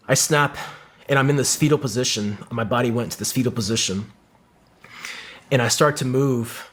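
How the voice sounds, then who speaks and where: A man's voice: medium pitch, a bit bright. Man telling a war story. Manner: vivid storytelling, heavy swearing, acts out quotes. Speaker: podcast guest, former Marine sniper. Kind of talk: casual war story in an interview.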